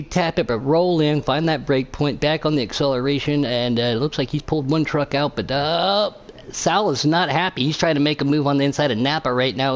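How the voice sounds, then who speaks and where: A man commentating an online racing league, calling onboard cameras and reading out viewer chat. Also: mid-range voice. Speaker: race commentator.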